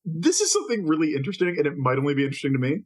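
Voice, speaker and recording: A man co-hosting a casual fan podcast, playful and quick with jokey asides. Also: a little high, sing-song, husky. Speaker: podcast co-host.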